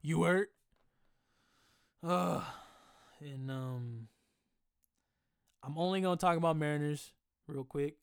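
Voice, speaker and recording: A man's voice: medium pitch, dry recording. Profane, rambling young-sounding man, dry close mic. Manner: loose, profane, rambling, jokey. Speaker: podcast host. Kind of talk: casual sports chat.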